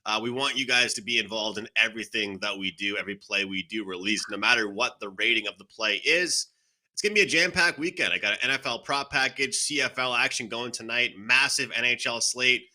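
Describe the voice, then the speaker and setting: A man's voice: medium pitch, brisk, bright, forceful tone. A man hosting a sports betting panel, upbeat, turning to each panelist by name. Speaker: show host.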